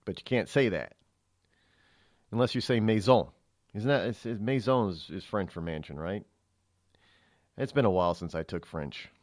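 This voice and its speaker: A man's voice: on the low side, moderate pace, long pauses, no room sound. A man hosting a talk radio show from a studio, rambling through a monologue with many restarts and fillers. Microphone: studio mic.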